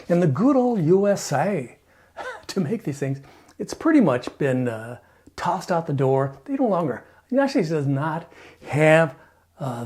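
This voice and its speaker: A man's voice: on the high side, a little mellow. A man, vlogging a rambling, sarcastic opinion monologue with frequent chuckles. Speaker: RV channel vlogger.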